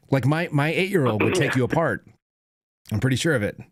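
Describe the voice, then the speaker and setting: A man's voice: medium pitch, lively intonation, brisk, dry recording, clean studio sound. A man in his thirties hosting a call-in show, telling a story in a casual, rambling way, laughing and saying "like" often.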